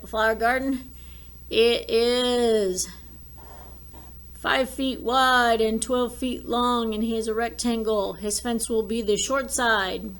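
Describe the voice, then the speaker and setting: In a recorded lesson, a woman teacher works through math problems, thinking out loud as she draws and solves them. Her voice sits on the high side, with a bright, forceful tone.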